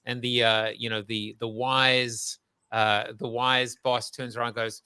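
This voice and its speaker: A man's voice: mid-range voice, level tone, measured pace, bright, forceful tone, clean tone, no echo. A man hosting an interview, telling a story loosely with plenty of fillers. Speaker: podcast host. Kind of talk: conversational interview.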